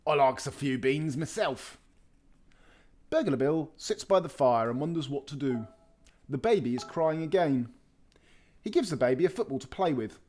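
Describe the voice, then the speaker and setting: Lively man reading a picture book. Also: on the high side, normal speed. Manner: lively expressive storytelling. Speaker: storybook reader.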